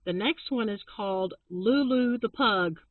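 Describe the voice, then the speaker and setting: A woman's voice: mid-range voice, a little slow, dry recording. A middle-aged woman co-hosting a casual chat, friendly and chatty, laughing often as she recommends channels. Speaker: channel co-host. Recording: tinny, phone-like sound.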